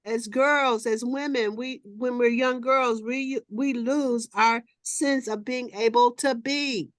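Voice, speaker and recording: A woman hosting with a voice a little above the middle in pitch. She moves from measured, reflective reading into easy, animated talk. The sound is dry and close-miked. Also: no echo. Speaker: host. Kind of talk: reading a passage, then casual group chat.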